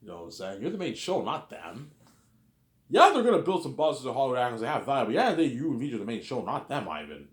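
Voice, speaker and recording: A man's voice: medium pitch, very animated, quick pace, voice pushed up, natural voice. A man doing a pushy older film director. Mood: insistent. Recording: roomy echo.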